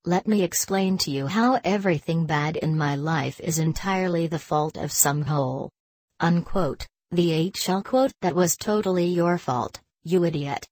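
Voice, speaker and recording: A woman with a notably low voice reads a written text aloud, flat and deadpan, even saying the punctuation marks. The sound is close and dry, with no room around it. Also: normal speed, dry recording.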